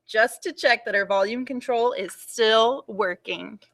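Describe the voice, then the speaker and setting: A young woman reading a picture book aloud for children at storytime, in an animated and expressive way. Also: on the high side, measured pace.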